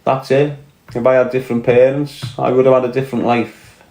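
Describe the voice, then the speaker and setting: A combative Scouse man talks straight into his livestream, swearing freely and firing back at chat questions. His voice sits at an ordinary middle pitch. The sound has a roomy echo, as if he is in a bare room. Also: flat delivery, brisk, darkish tone. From Liverpool, England. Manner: blunt, combative, swearing, reading and answering chat. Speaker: livestream host. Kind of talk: casual livestream rant.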